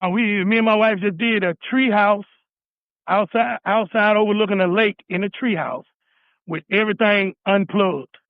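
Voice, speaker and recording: A man's voice: high voice, normal speed, dry recording. A laid-back man, a guest chef talking casually over the phone while driving in his car, often saying "man". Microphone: phone call. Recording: dry tinny phone line.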